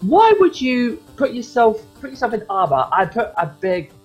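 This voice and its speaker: Podcast co-host, casual game chat, mid pitch, faint music behind. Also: big pitch swings, moderate pace, darkish tone, breathy edge, poor audio. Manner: chatty, reminiscing, quotes scenes. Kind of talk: casual chat about retro video games.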